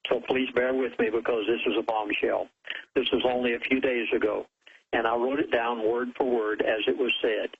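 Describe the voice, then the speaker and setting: A male radio guest who speaks slowly and deliberately, giving emphatic warnings. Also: medium pitch, steady tone, phone-quality sound, slight background noise.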